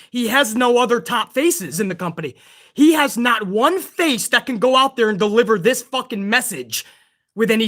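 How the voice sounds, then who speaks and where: A livestream host of a pro wrestling channel ranting heatedly, swearing often. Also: medium pitch. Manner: excitable. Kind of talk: livestream rant.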